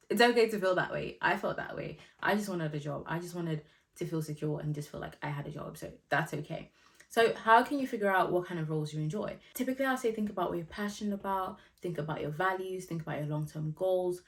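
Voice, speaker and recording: A young woman from Nigeria talks straight to her viewers in a relaxed vlog, her voice sitting a little low. She is chatty and direct, full of friendly asides and fillers as she hands out practical advice. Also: a little fast. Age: 20s. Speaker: vlogger giving job-search advice.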